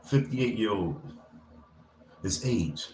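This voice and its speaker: Speaking slowly in a lowish, darkish voice, this livestreamer is animated as he wanders through a slangy, loose pep talk. He's hosting a casual motivational stream indoors. The recording has room echo and faint ambient noise.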